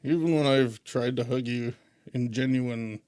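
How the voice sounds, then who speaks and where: A man's voice: mid-range voice, fairly even intonation, measured pace, darkish tone, clean tone, dry recording. A man co-hosting a podcast, chatting casually with dry, teasing one-liners. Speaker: podcast co-host. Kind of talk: casual chat.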